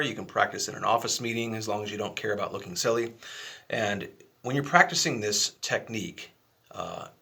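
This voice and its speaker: Man teaching flute, low bright voice. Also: vocal fry. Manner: relaxed, chatty, self-deprecating. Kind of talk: casual video lesson.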